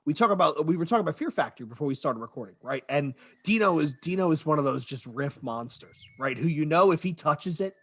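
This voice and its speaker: A man's voice: a little high, lively intonation, fast, hardly any pauses, a bit bright, slightly rough. A man hosting a podcast in casual chat, talking loosely and steering the talk with questions. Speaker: podcast host.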